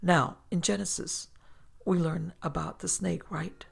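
A woman voicing a frail, kindly old male priest who speaks slowly and gently, sometimes near a whisper. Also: fairly low pitch, steady tone, vocal fry, husky, faint music behind, exaggerated voice. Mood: gentle.

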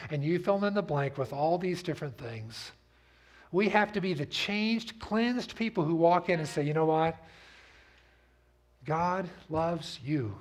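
A man preaching a sermon as pastor, telling stories in a conversational way and asking the congregation to repeat after him. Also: high-pitched. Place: church sanctuary.

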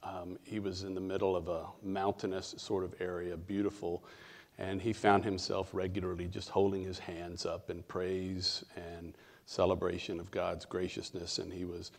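A middle-aged male pastor preaching a sermon, telling stories in a conversational way with fillers and pauses. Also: sits low, completely flat delivery, gravelly.

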